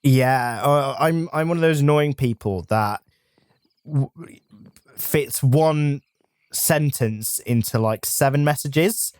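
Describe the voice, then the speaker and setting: A man's voice: medium pitch, takes it slowly, a little mellow, clear, resonant tone, dry recording. A man co-hosting a gaming stream, chatting casually in a rambling, playful way with lots of giggling. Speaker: co-host of a gaming channel. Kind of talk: casual gameplay chat.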